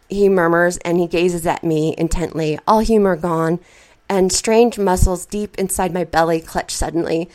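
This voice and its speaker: A woman reading a first-person story aloud, with expressive, flustered narration. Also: on the low side, a little slow.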